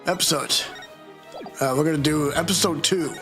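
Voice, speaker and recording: Guy streamer rambling on, ums and uhs, kinda high voice, music in the back. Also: moderate pace, pushed and bright. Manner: rambling, lots of fillers. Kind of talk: live stream chat.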